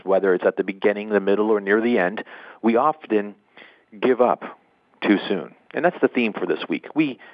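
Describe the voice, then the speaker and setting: A man's voice: on the low side, no room sound. A man hosting a motivational session on a conference call, telling a story in a folksy, conversational way and repeating phrases for emphasis. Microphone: phone. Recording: dull lo-fi phone line.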